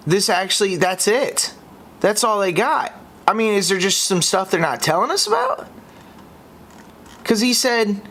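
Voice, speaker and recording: A young man from the United States hosting a podcast, reacting in an exasperated way that swings between high outbursts and low muttering. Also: big pitch swings, a little slow, long pauses, a bit bright. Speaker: podcast host.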